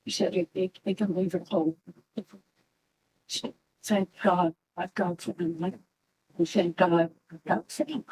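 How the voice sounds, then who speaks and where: A middle-aged woman, a mother, telling a halting, animated story at a memorial gathering. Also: fairly low pitch, a little hiss or hum, poor audio. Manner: slow, halting, animated when quoting. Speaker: mother of the deceased.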